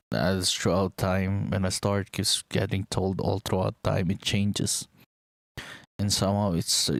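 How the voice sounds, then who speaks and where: Rambling gravelly young man. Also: low voice, no room sound. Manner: rambling, enthusiastic, swears casually. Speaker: vlogger. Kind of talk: casual chat.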